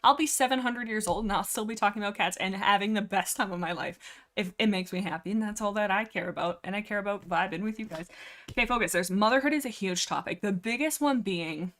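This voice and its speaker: A woman's voice: medium pitch, fast talker, fairly bright tone. Rambling young woman livestreaming. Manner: rambling, restarts and apologizes. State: a bit breathless from nerves. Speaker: livestream host. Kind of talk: casual livestream chat.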